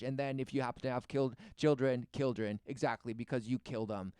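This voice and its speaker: A man's voice: medium pitch, fairly even intonation, fairly quick, few pauses, a little mellow, clean tone, no echo, studio quality. A man giving rambling, preachy religious commentary, repeating words and firing rhetorical questions with sarcasm. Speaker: commentator reacting to a video.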